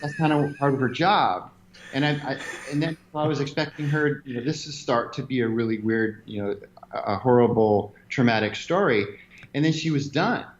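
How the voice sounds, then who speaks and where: A man being interviewed, telling stories in an animated way and laughing now and then. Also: medium pitch, fairly quick, slight background noise, poor audio. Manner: animated storyteller, laughs often. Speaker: interview guest, gym owner. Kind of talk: conversational interview.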